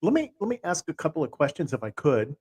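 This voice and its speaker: A man's voice: fairly high pitch, very animated, fast, a little mellow, slightly rough. A man hosting a live interview, effusive in his praise and laughing as he asks long, rambling questions. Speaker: host.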